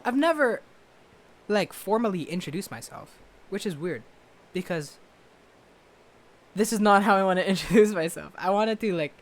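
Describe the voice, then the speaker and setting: Loud, rambling young man, high voice. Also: expressive, moderate pace, long pauses. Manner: rambling, self-mocking, loud. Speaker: vlogger and musician. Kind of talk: casual chat to camera. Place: bedroom at home. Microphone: webcam or laptop camera.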